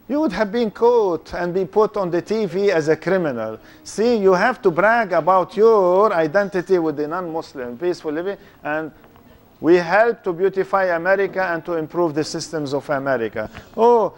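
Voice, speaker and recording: An older man with a foreign accent giving an interactive religious lecture, quizzing his young audience and tagging points with "huh?". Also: sits high. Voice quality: speaks English with a foreign accent. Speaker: Islamic lecturer.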